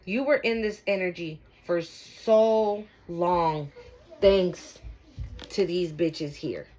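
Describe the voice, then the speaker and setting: A woman's voice: fairly low pitch, takes it slowly, a little mellow, rough recording. A woman giving a casual tarot card reading to viewers, talking emphatically and repeating herself, with frequent swearing. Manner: emphatic, repetitive, profane, addresses viewers directly. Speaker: tarot reader.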